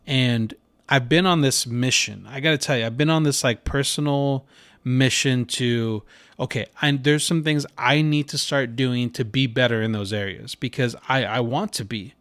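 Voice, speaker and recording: A man's voice: medium pitch, moderate pace, a bit bright, no echo. Earnest man telling a family story. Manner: conversational and earnest, lots of fillers. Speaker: podcast host. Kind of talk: casual storytelling monologue.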